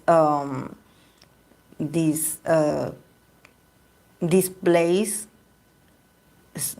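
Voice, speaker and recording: A woman whose first language is Spanish, giving a casual tarot reading to camera and often searching for words. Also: lowish voice. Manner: hesitant, searching for words, many fillers. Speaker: tarot reader.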